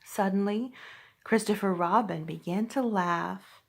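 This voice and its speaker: A woman from a library reading a children's book aloud with lively, expressive storytelling. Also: a little high, a little slow.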